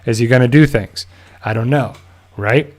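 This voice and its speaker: A man's voice: mid-range voice, moderate pace. A man hosting his channel, giving a casual, rambling show recap on a live stream and repeating himself as he goes. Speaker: channel host.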